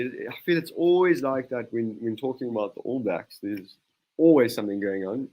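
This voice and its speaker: A man commentating a rugby match live for a watchalong stream, calling play-by-play with frequent restarts and sudden bursts of excitement. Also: mid-range voice. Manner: brisk play-by-play with frequent restarts, surges of excitement at big plays.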